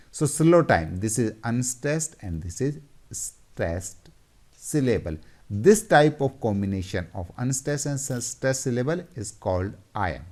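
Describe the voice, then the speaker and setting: Slow, deliberate male teacher. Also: mid-range voice, a little mellow. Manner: slow, deliberate, repeats and points at examples. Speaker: English teacher. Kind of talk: explaining a lesson.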